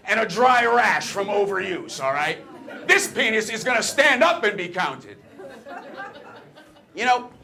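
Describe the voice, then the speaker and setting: A man's voice: medium pitch, pushed and bright, pitched below the performer's own voice. A man performing a stage comedy monologue as a brash, chatty talking penis, teasing the audience with cocky patter.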